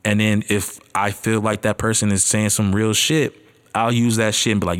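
A man's voice: fairly low pitch, flat delivery, a little fast, a bit bright. A man hosting his first solo podcast, nervous, rambling and profane, talking straight to his listeners in slangy casual chat. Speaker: podcast host.

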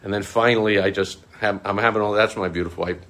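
A middle-aged man, a small business marketing consultant, hosting a casual vlog and telling an animated story with chuckles. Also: fast talker. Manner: animated, chuckling, breaks into mocking high-pitched quoted voices.

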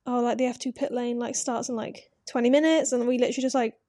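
A young woman with a high, mellow voice, recorded close and dry. She chats easily, quoting what she thought, with plenty of fillers. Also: steady tone, quick pace, no room sound. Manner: chatty, quoting herself, many fillers. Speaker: podcast co-host. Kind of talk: casual chat.

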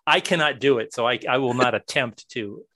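A man's voice: mid-range voice, brisk, bright, forceful tone, dry recording. A man chatting as a podcast guest, rambling with many restarts. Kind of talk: casual chat.

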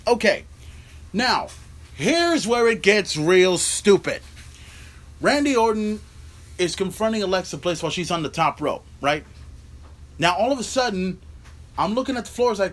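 A man with a slightly high voice rants through a recap on his podcast. He swears freely, keeps asking "right?", and sounds openly incredulous at what he watched. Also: big pitch swings, measured pace, long pauses, a bit bright. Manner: ranting, incredulous, heavy swearing, rhetorical "right?" asides. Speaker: podcast host. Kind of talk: profane wrestling recap rant.

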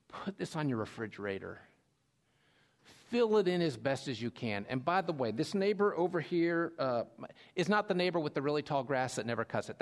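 Animated male pastor preaching. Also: a little high. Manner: animated storytelling with swings between loud and soft. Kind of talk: sermon.

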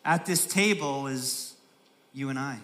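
A man preaching a sermon as pastor, repeating phrases for emphasis and building from soft, slow stresses to raised, urgent delivery. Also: medium pitch.

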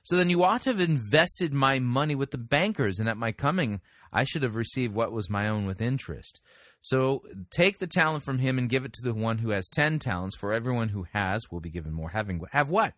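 A man's voice: medium pitch, expressive, fairly quick, fairly bright tone, no room sound, clean studio sound. A man hosting a show who reads scripture aloud and corrects a sermon's retelling of it. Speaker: host reviewing a sermon. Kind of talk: critical commentary with scripture reading.

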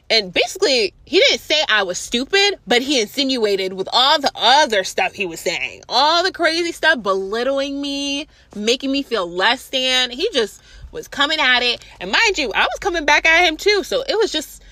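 A young woman telling a casual, profane story about a theft, acting out everyone's lines in lively voices. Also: on the high side, normal speed, no echo. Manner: animated, profane, acts out others' voices.

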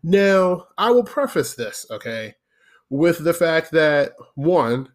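A man's voice: a little high, very animated, takes it slowly. A man in his twenties ranting casually, swearing freely and checking in with his listeners. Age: 20s. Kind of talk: casual comedic rant.

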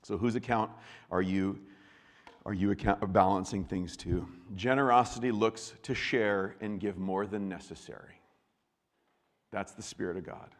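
A man's voice: on the low side, a little slow, in a large hall. An adult man preaching a sermon as a pastor, talking conversationally and often repeating words and restarting. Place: church.

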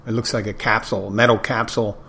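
A middle-aged man talks through a casual podcast monologue, rambling from one anecdote to the next with a wry edge. His voice sits a little low. A faint hiss of noise runs under the recording. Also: level tone, fast, vocal fry, bright, forceful tone. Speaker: podcast host.

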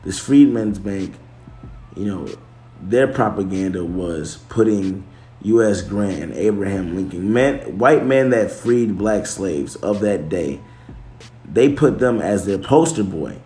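A man's voice: low-pitched, animated, takes it slowly, dark tone, soft background music. A man talking casually to camera, loose and slangy, swearing, restarting and correcting himself as he goes. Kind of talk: casual chat. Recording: echoey room.

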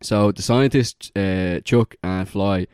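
A man's voice: deep voice, slow, a little mellow, clear, resonant tone, no room sound, clean studio sound. A young man chatting casually as a podcast co-host, rambling through a story with lots of fillers and laughter. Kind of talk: casual chat.

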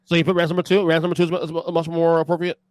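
A man co-hosting a heated sports debate, excitable and repeating words as he talks over the others. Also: fairly high pitch, racing, no echo. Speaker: sports talk co-host.

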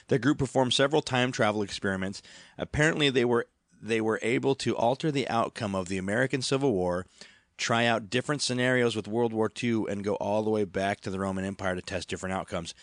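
Man, lowish voice, podcast chat, hesitant, laughing, dry mic. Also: a bit bright, no echo. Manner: laughs often, hesitant, reads aloud haltingly.

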